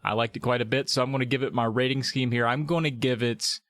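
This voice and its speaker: A man's voice: mid-range voice, fast, no room sound, clean studio sound. A man co-hosting a podcast, chatting casually and reading out the show's closing plugs. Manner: relaxed, wraps up the show with plugs. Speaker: podcast co-host. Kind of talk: casual chat.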